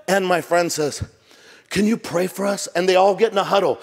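Animated pastor in a reverberant hall. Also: male voice, on the high side, fairly quick. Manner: animated, jokey, acts out voices. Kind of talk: sermon with storytelling. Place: church sanctuary.

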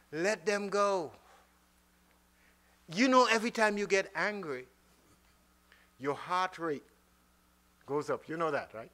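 A man preaching a sermon to a congregation, swinging between loud exhortation and soft, slow asides, and calling out to the room. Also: a little high. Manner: calls out to the congregation. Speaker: minister.

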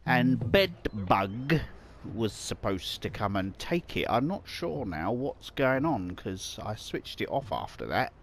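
A man's voice: lowish voice, very animated, slow, slight background noise. A man casually commenting on his own gameplay, muttering to himself and swearing often. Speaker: let's play gamer.

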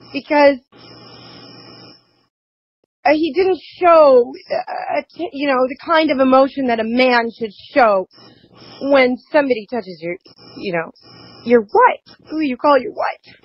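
A woman interview guest telling a painful personal account, tearful and halting, repeating words, yet defiant. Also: high voice, no room sound, dull audio.

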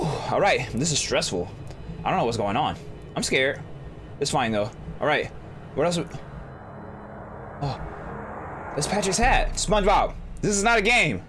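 Excitable young man with wild pitch swings. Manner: jokey, jumps into high squeals when startled. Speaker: gaming YouTuber. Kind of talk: horror game commentary. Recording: music bed under voice.

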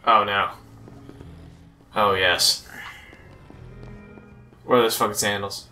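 A man's voice: on the low side, fairly even intonation, slow pace, bright, forceful tone, faint music behind. A young man co-hosting a let's play, swearing and laughing through banter. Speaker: co-host.

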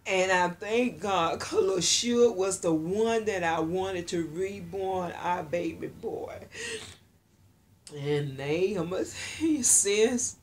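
A woman's voice: medium pitch, darkish tone. A woman talking to her viewers in a casual unboxing vlog, gushing and exclaiming as she opens a package. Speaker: reborn doll collector.

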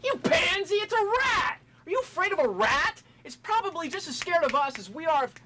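A woman playing a gentle store clerk who earnestly argues for trapping an animal instead of killing it. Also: medium pitch, big pitch swings, normal speed, noisy background, close to an everyday voice.

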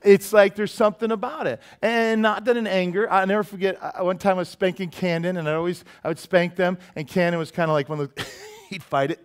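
A middle-aged man preaching in a church sanctuary with a slightly high-pitched voice. He keeps it conversational and full of jokes, often dropping into little quoted voices. The tone is that of a pastor chatting with his congregation. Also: steady tone, clear, resonant tone. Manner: conversational, joking, quick shifts into quoted voices. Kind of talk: sermon.

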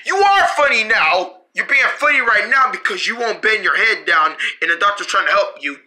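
A man's voice: sits high, lively intonation, moderate pace, bright, forceful tone. A man in a homemade character skit, talking in a casual, scolding and coaxing way with slang.

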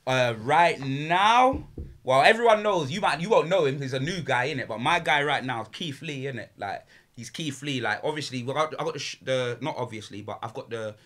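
A man's voice: mid-range voice, animated, brisk, fairly bright tone. A young man, a podcast guest chatting casually in slang and laughing often. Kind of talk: casual chat.

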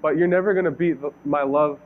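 A man voicing a gentle, devout young woman prisoner in a sermon story, sincere and pleading. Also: a little high, steady tone, fast, close to an everyday voice. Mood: earnest. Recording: tinny phone-like audio.

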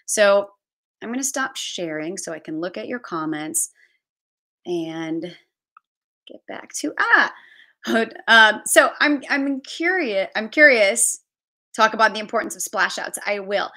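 A woman with a medium-pitched, expressive voice, pushed and bright, speaks at a measured pace. She hosts a live-streamed travel budgeting tutorial from her home basement, chatting and thinking aloud while sharing her screen.

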